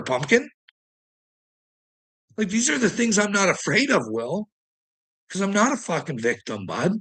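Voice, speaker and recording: A man's voice: high-pitched, very animated, moderate pace, bright, forceful tone. A man ranting in a monologue, heated and swearing constantly, with short laughs between his points. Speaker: vlogger.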